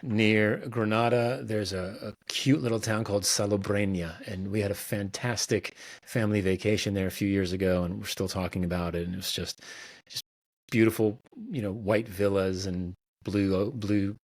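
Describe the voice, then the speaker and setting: A middle-aged man talking as a podcast guest in a casual, relaxed way, with many fillers and restarts. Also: fairly low pitch, moderate pace, no echo, clean studio sound. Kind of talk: casual conversational interview.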